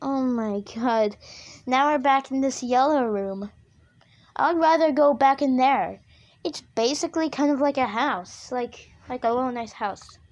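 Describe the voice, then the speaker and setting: A woman's voice: high voice, measured pace, darkish tone, highs cut off. A woman doing casual reaction commentary, frightened, pleading with the screen and repeating herself. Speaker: reaction video host.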